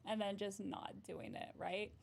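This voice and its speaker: A woman's voice: mid-range voice, huge pitch swings, unhurried, creaky, slight background noise. A woman therapist hosting a casual livestream, chatting in a bubbly way, often giggling and answering her viewers' comments.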